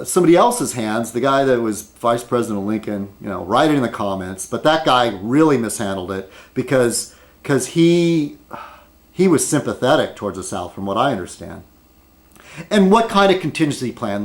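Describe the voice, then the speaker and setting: A man rambling at his desk in an opinion video blog, arguing with many rhetorical questions and fillers. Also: mid-range voice. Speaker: video blogger.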